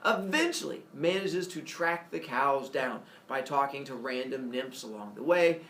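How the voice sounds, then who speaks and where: A man casually retelling a myth as a comedy story, animated, with jokey asides and lots of fillers. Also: mid-range voice, a little slow, slight background noise. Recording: echoey room, mic far off.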